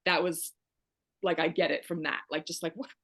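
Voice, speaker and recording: A woman speaks as a podcast guest, candid and emphatic, with a dry wry edge. Her voice sits fairly low for a woman. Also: level tone, normal speed, fairly bright tone. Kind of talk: candid personal storytelling.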